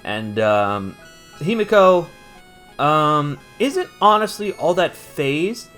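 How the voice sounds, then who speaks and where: A man hosting a podcast, recapping an anime episode in a loose, chatty way, with lots of "uh" fillers, laughs and the odd swear word, and getting animated when he gives his opinions. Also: on the high side, slow, faint music behind.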